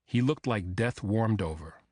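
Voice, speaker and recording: A man narrating a thriller audiobook in the first person, telling the story in a measured, even way. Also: fairly low pitch, no room sound, clean studio sound.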